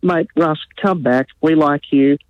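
A man's voice: fairly high pitch, unhurried. Friendly male caller on a dull line. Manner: friendly, reassuring. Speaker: radio caller. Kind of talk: casual phone-in chat.

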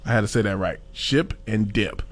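On his casual talk show, a man with a fairly low voice reads a sponsor spot at a moderate pace. He meanders through the chat, chuckling and leaning heavily on fillers.

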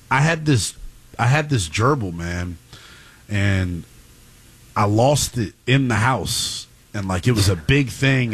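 A man co-hosting a podcast, chatting casually and telling rambling stories with a laugh. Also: on the low side. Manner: animated, laughing, rambling anecdotes. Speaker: podcast co-host. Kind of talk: casual chat.

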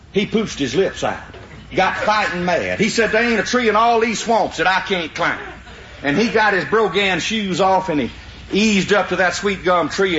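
A man's voice: on the high side, slight background noise. An older man with a drawl, telling a folksy story to an audience and laughing as he goes. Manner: drawling, animated, laughing through the tale. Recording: dull lo-fi recording in a roomy hall.

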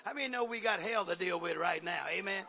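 Fiery preacher guy, really high voice, bright and sharp, shouts a lot, says amen constantly. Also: fast, a little hiss or hum. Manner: fiery preaching with shouted peaks and repeated amens. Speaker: pastor. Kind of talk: sermon.

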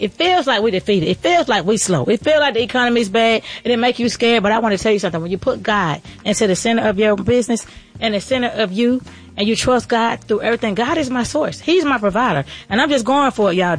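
A middle-aged woman gives an excited, preachy motivational faith talk as a podcast host, repeating her phrases. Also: a little high. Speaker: podcast host and restaurant owner.

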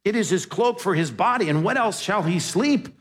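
Conversational preacher in a reverberant hall. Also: male voice, high-pitched, lively intonation, normal speed. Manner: conversational preaching with rhetorical questions and emphatic quotes. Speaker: pastor. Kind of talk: sermon.

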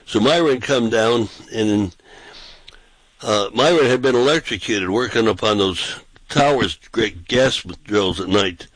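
A man's voice: lowish voice, measured pace, fairly bright tone, dry recording, poor audio. A man who is a pastor and street preacher, telling anecdotes casually and acting out the quotes in a raised voice. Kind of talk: casual storytelling on a talk show.

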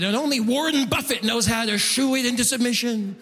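A man performing a loud, animated stand-up comedy set in a large concert hall, acting out characters in his stories. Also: very high voice, brisk, hardly any pauses. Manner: animated, loud jokey delivery with voiced characters. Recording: live hall recording with reverb. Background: audience laughter.

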